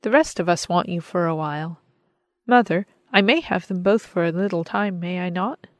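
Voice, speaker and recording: A woman's voice: on the low side, moderate pace, no echo, close to an everyday voice. A woman reading the lines of a playful, affectionate grown brother in a storybook.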